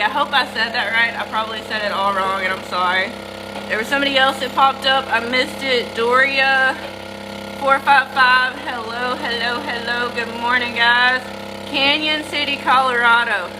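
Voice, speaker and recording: Southern woman, tired, chatty live-stream host, fairly high voice, noisy barn, engine humming behind. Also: steady tone, moderate pace. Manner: chatty, greets viewers by name while multitasking. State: tired from lack of sleep. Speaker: goat farmer hosting a livestream. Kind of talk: casual live-stream chat.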